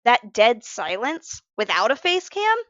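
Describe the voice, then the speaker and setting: Tired woman streamer, casual and self-interrupting, a little higher voice, dry lo-fi mic sound. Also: big pitch swings, a little slow, a bit bright, dry recording. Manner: rambling, self-interrupting, frank about being emotional. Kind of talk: casual live-stream chat while drawing.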